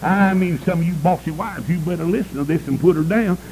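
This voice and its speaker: A man's voice: a little fast, a little mellow, slight background noise, poor audio. A male preacher, delivering a fiery sermon and calling out to the congregation for amens. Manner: emphatic, swooping pitch, calls for amens.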